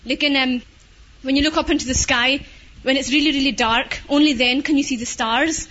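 High-voiced young Scottish woman. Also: steady tone, a little fast, fairly bright tone, dull audio. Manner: chatty, frequent fillers, mixes in Urdu words. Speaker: student giving a testimony. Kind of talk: personal testimony.

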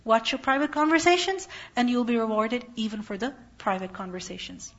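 A woman's voice: on the high side, a little fast, a bit bright. Woman teaching Quran commentary, lo-fi. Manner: asks rhetorical questions and answers them; recites Arabic verses, then translates. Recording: dull lo-fi recording.

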